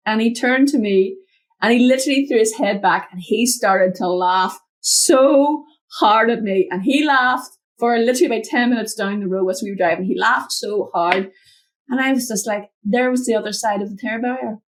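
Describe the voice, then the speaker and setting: A woman mentor, a guest in an interview, telling a personal story from her home office over a video call, acting out the voices in it. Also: normal speed. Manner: animated, acts out quotes with big pitch jumps.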